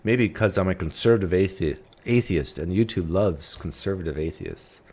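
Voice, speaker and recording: A man's voice: sits low, animated, normal speed, a little mellow, husky. A man hosting a livestream, talking bluntly and casually in a provocative, chatty way. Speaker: livestream host.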